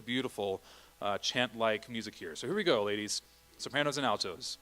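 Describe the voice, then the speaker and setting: A man's voice: medium pitch, brisk, sharp tone. Man leading a choir rehearsal. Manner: chatty, sings vowel and Latin examples. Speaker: choir director. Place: church rehearsal room.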